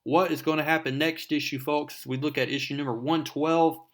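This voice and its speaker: A man's voice: a little high, fairly even intonation, a little fast. A man narrating a comic book recap with enthusiasm, talking to his viewers as folks.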